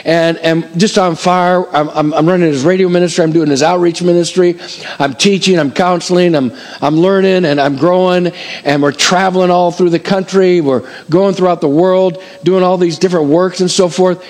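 A middle-aged man preaching a sermon as pastor, energetically calling out to the congregation with quick repeated questions. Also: high voice. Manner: energetic, calls out to congregation like an auctioneer.

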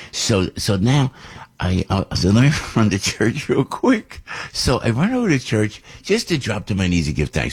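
An older man hosting a radio show, telling a story in a rambling, animated way. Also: deep voice, slightly rough. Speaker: radio host. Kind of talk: casual radio monologue.

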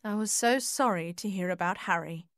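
A woman's voice: medium pitch, moderate pace, fairly bright tone, dry recording, studio quality, lightly acted. A woman voicing an apologetic elderly lady who walks with a stick, read in an audiobook. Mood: sympathetic.

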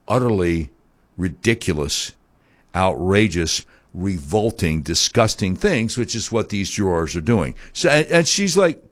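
A man hosting a talk show, delivering a heated, sarcastic opinion monologue full of mocking rhetorical questions. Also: deep voice.

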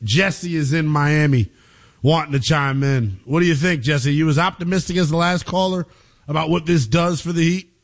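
A man's voice: on the high side, normal speed. A man hosting a late-night sports radio call-in show, teasing callers and using slang.

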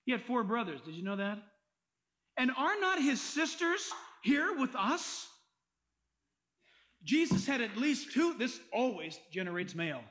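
A male pastor preaches with lively emphasis and quick humor, reading scripture aloud between his points. His voice sits very high for a man. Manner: animated, emphatic, joking, quotes scripture. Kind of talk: sermon.

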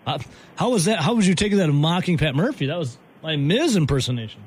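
A man's voice: fairly high pitch, very animated, fast, breathy edge. A man hosting a sports talk radio show, joking and bantering with callers. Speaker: radio host.

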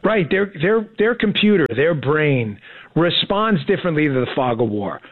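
Ex secret service guy in his 40s, fairly high voice, rambling and excited, sounds like a tinny phone call. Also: normal speed, dry recording. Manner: excited, rambling with many restarts. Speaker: former Secret Service agent guest. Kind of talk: casual interview on radio. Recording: tinny phone-line audio.

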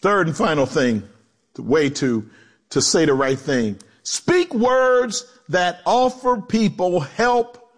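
A male pastor preaching a sermon, animated, acting out quotes in low voices and joking with the congregation. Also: breathy edge. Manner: animated preaching with swooping pitch and dramatic drops.

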